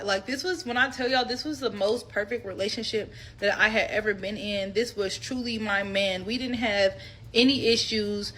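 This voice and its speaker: A woman in her twenties casually telling a personal story to her viewers, candid, animated and freely profane. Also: fairly high pitch. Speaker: storytime vlogger.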